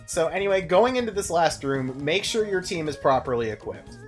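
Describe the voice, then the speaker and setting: A man's voice: a little high, lively intonation, brisk, soft background music. A young man streaming a game, rambling through casual commentary with frequent swearing and laughs. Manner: rambling, profane, laughs often.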